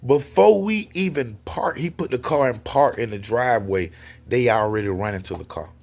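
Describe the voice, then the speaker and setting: A man telling a personal story in a casual, animated way, often turning to his listeners. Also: medium pitch, moderate pace, creaky. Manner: animated, addresses listeners as y'all. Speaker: storyteller guest.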